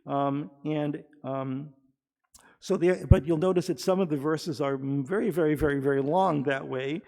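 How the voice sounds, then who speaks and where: Gravelly man teaching in a reverberant sanctuary. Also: on the high side, darkish tone. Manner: explanatory, halting with many fillers and restarts. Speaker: rabbi or cantor. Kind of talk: teaching sermon. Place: synagogue sanctuary. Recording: long hall reverb.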